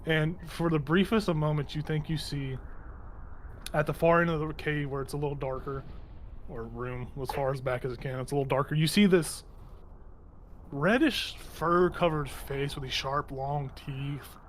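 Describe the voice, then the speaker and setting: A man's voice: on the high side, steady tone, moderate pace, slight background noise. A man running a tabletop game, narrating loosely with lots of fillers and laughs. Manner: rambling, laughing, many fillers. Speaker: game master.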